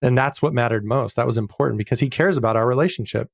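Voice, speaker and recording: A middle-aged man talking as a podcast guest in a casual interview, earnest and reflective, slowing down to stress key words. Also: medium pitch, creaky, no echo, studio quality.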